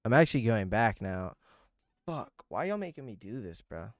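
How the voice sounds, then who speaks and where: A man's voice: lowish voice, big pitch swings, moderate pace, no echo, clean studio sound. Swearing young man rambling on stream. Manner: loose, swearing, easily irritated rambling. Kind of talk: casual livestream chat with viewers.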